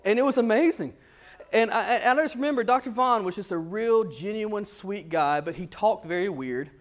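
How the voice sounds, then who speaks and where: A man pastor giving a sermon in an animated, conversational storytelling manner. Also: high voice, moderate pace.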